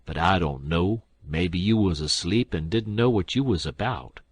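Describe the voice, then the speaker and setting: A man's voice: rumbling low, very animated, a little slow, breathy edge, no echo, heavily acted. A man putting on a sly drawling old swindler. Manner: drawling, sarcastic. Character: older male con man, sly and whining.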